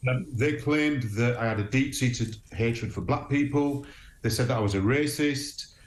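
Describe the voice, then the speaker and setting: A man's voice: mid-range voice, moderate pace. A man from Huddersfield, a guest telling his story earnestly, with many ums and restarts. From Huddersfield, England. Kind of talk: remote interview. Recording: echoey room with faint noise.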